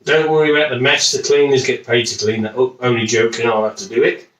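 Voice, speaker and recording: This home cook from Wolverhampton speaks fast in a mid-range voice with fairly even intonation and a slightly bright tone. He has a West Midlands accent and rambles jokily through a cooking demonstration at home, swearing casually, his voice off-mic and echoing around the kitchen.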